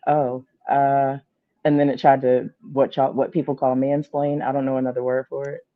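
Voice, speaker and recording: A woman guest on a casual panel chat, speaking in a measured, thoughtful way with dry humor. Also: rumbling low, little pitch movement, narrow, tinny audio.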